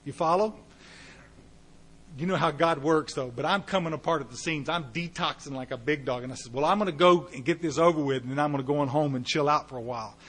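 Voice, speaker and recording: A man with a drawl shares his story before a meeting. His voice sits a touch high for a man. He talks in a folksy, conversational way, checking in with the crowd and breaking into sudden loud bursts. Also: fast talker. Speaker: AA speaker. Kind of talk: recovery talk to a meeting.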